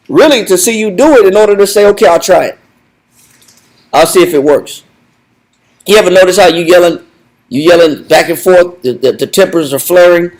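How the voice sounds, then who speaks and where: A man leading a Bible study lesson in a conversational, animated way, repeating himself and laughing often. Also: sits high, poor audio. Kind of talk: conversational teaching.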